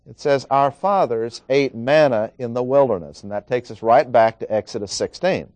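A man's voice: medium pitch, moderate pace, a little mellow, no echo. A man preaching an expository Bible lesson, working through numbered points and reading scripture aloud.

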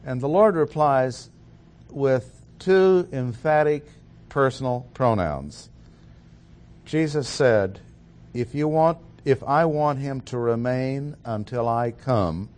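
A man delivers an expository sermon in a deliberate, measured way. He leans hard on the words he wants to stress and pauses with fillers between thoughts. His voice sits in an ordinary middle range. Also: medium pitch, expressive, darkish tone. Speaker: preacher.

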